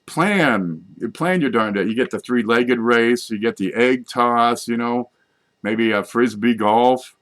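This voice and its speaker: A man's voice: mid-range voice, lively intonation, measured pace, a bit bright. A middle-aged man talking in a loose, folksy, joking monologue, wandering from idea to idea and correcting himself as he goes. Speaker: vlogger. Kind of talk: rambling comic monologue.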